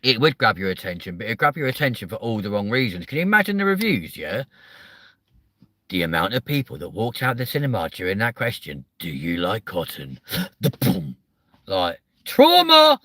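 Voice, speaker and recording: A man's voice: on the low side, sing-song, a little fast, pushed and bright, dry recording. A man hosting a comedy chat show, rambling and crude, with constant swearing. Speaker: host.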